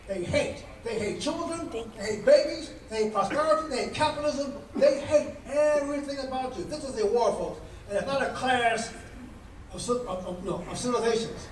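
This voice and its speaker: High-voiced man preaching in an echoey hall. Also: far from the mic, a little hiss or hum. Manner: emphatic, repetitive rhetorical questions, preacher-like cadence. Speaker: guest speaker at a political dinner. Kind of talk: fiery political speech. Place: banquet hall.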